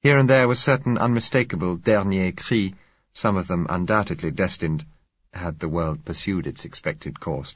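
A man reading a novel aloud as narrator, in a measured, wry manner. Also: sits low, husky, no room sound, dull audio. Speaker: audiobook narrator. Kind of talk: scripted narration.

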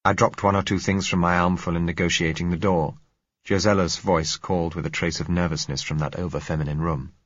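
A man narrating a novel in first person, in a measured, reflective way. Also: deep voice, flat delivery, no echo, highs cut off. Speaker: audiobook narrator.

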